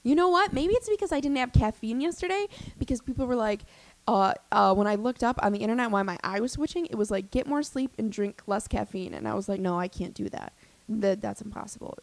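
A young woman in her twenties, a comedian hosting a podcast, telling a story in a rapid, scattered, excitable ramble. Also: fairly high pitch, dry recording. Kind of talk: casual storytelling monologue.

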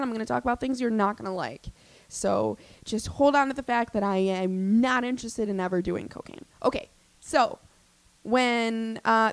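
A young woman in her twenties, a comedian hosting a podcast, telling a story in a rapid, scattered, excitable ramble. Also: medium pitch, vocal fry, no echo. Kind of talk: casual storytelling monologue.

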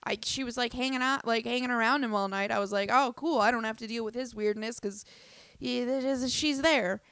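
A young woman telling a story in a casual, animated way, swearing often and restarting her sentences. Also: a little high, brisk, clean tone, no room sound. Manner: animated, profane, lots of fillers and restarts.

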